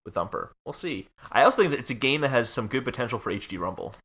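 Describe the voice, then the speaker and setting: A man joins a casual gaming podcast as a guest. His pitch moves in a lively, animated way, and he sounds curious and upbeat. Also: quick pace.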